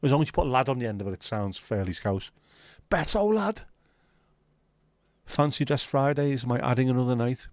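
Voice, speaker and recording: A man's voice: mid-range voice, rapid-fire, hardly any pauses, a little mellow, no room sound. A man hosting a livestream, chatting casually with his viewers in banter full of swearing. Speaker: livestream host. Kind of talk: casual chat with live viewers.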